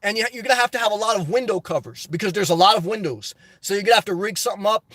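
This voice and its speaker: High-voiced middle-aged man ranting passionately. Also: racing, a bit bright, no echo. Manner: reads viewer comments aloud and answers them. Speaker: livestream host. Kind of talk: casual live-chat reply.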